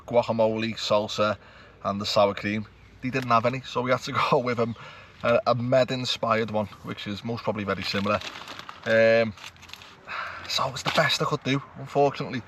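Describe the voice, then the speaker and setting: Guy vlogging outdoors at a campsite, rambling and self-mocking, mid-pitched voice, traffic and ambient noise behind. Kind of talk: casual chat to camera.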